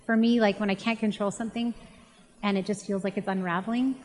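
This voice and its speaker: A woman's voice: medium pitch, fairly even intonation, quick pace, darkish tone. Chatty woman teaching the Bible. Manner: chatty, conversational storytelling. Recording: long reverb.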